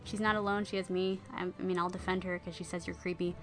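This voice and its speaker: A woman playing an awkward, lovestruck young knight who hedges and stammers, speaking softly. The voice is bright and a little hushed. He comes across as a timid hero in a spoken storybook. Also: lowish voice, little pitch movement, fast, soft background music, lightly acted. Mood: sheepish. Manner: hesitant, mumbling with ums.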